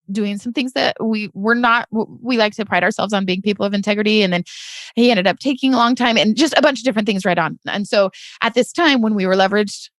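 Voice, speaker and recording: A woman's voice: medium pitch, no echo, studio quality. A woman telling a personal story as a podcast guest, in an earnest, heartfelt way, often tagging her sentences with "right?" and talking to listeners as "you guys". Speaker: podcast guest, real estate investor.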